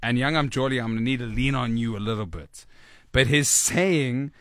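A man's voice: medium pitch, moderate pace, fairly bright tone, dry recording. A man hosting a casual radio show from a studio, playful and self-mocking, often stumbling over his words. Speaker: radio host. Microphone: studio mic.

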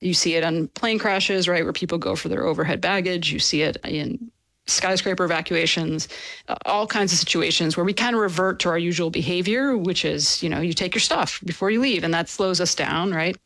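A woman being interviewed as an author, explaining and telling stories in a lively, casual way with fillers. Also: on the low side, a little fast, no room sound. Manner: animated, storytelling with fillers and laughs.

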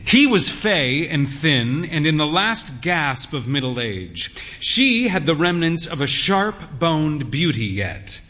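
A man reading a literary story aloud in the first person, weary, wry and unhurried. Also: on the high side, sing-song, bright, forceful tone, long reverb tail. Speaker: narrator, pub landlord.

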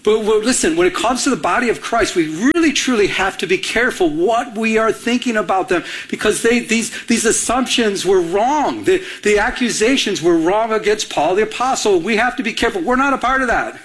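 A middle-aged pastor from Michigan delivers a sermon with a somewhat high voice. He is animated and conversational, stumbling into restarts and repeats as he speaks. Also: a little fast, few pauses, poor audio. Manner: animated, acts out little dialogues, frequent restarts.

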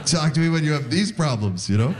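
A man in his forties from Canada, telling stand-up stories in a laid-back way with animated voiced asides. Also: on the high side. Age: 40s. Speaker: stand-up comedian. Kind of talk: stand-up comedy set. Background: audience laughter.

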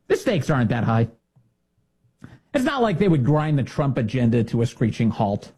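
A man's voice: mid-range voice, big pitch swings, fairly quick, mellow, husky. A man giving opinionated political commentary in a sarcastic, indignant way. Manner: sarcastic, indignant, mocking impressions.

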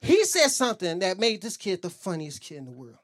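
A man doing a stand-up comedy set, animated and profane, jumping into high squeaky voices when he quotes people. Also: a little fast. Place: comedy club stage. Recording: roomy club sound with a laughing crowd.

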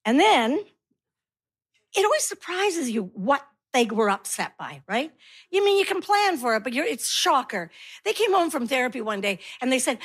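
Middle-aged woman comic, high voice, frazzled mom storyteller who acts out every scene. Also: normal speed, breathy edge. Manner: animated, exasperated, acts out her kids and herself. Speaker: stand-up comedian. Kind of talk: stand-up comedy storytelling.

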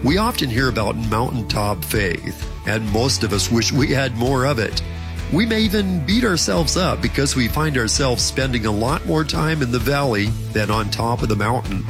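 A man reading a calm, scripted introduction to a pastor's message. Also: mid-range voice, moderate pace, music in the background. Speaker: program announcer. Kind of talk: scripted narration.

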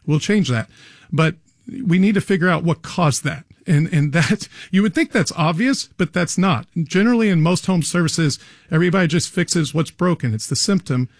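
A man's voice: on the high side, normal speed, dry recording, clean studio sound. A man appearing as an expert guest on a radio show, explaining earnestly with frequent restarts. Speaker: garage door company guest expert. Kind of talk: radio interview answers.

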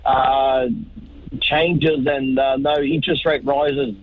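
A man with an Australian accent, a truck driver, calling in to a radio show, talking haltingly and joking. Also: mid-range voice, flat delivery, dry recording. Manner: halting, joking, many fillers. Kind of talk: phone-in call. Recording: tinny phone line.

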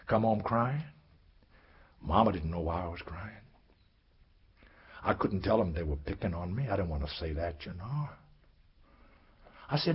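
A man performing a story for an audience, talking in a lively sing-song way and acting out the voices. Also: on the low side, normal speed, long pauses, breathy edge. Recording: dull lo-fi recording.

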